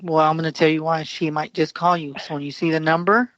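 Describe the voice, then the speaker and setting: A man's voice: on the high side, little pitch movement, fast talker, a bit bright, dry recording. Rambling man on a muffled call. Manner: rambling, emotional, lots of fillers and restarts. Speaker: psychic medium guest. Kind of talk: live call-in psychic reading. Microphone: internet voice call. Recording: muffled internet call audio.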